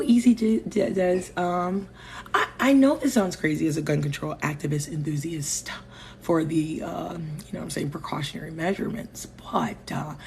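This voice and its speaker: A woman from Connecticut with a local accent, hosting a live stream on her phone and talking in an animated, opinionated, chatty way with her viewers. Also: deep voice, slight background noise. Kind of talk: casual live-stream talk.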